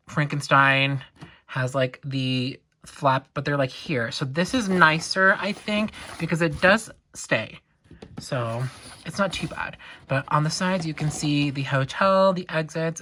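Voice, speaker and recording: Young woman, low pitch, bright tone, chatty unboxing vlog, excitable. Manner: excitable and chatty, full of "like" asides. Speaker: doll collector unboxing on her channel. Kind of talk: casual unboxing chat.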